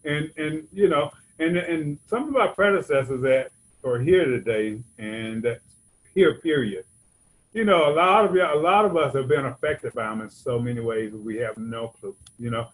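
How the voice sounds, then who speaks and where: A Georgia man speaks from the stage of a convention hall, giving a loose, wandering testimony at a recovery convention and repeatedly tossing in "you know what I'm saying." He talks at a moderate pace with a medium pitch and lively intonation, captured on a low-quality recording.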